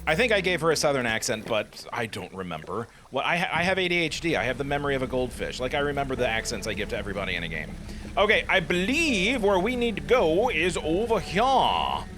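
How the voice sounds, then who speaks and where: A man hosting a casual let's play, giving animated, jokey commentary on a video game. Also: on the high side, quick pace, background noise. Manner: animated, jokey, self-deprecating.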